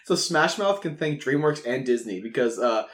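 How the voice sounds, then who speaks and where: A man in his twenties co-hosting a casual podcast chat, animated and swearing freely. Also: medium pitch, normal speed. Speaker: podcast co-host. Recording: echoey room.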